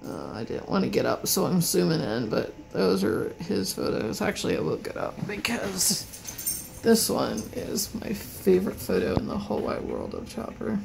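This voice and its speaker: A woman filming a casual unboxing vlog at home, talking haltingly with many fillers, anxious and in pain. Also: fairly low pitch, huge pitch swings, creaky, noisy background. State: anxious and in pain, hand shaking. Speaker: vlogger. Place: home, indoors.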